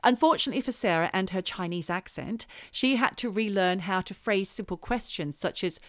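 A woman's voice: mid-range voice, brisk, no room sound, studio quality. Chatty woman telling a story. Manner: storytelling, reads quotes aloud. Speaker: podcast co-host. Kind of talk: casual chat.

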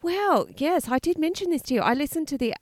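Giggly, high, lively Australian woman. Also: brisk, no room sound, studio quality. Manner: excitable, giggly, swears freely. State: slightly congested with a cold. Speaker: podcast co-host. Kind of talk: casual comedic chat.

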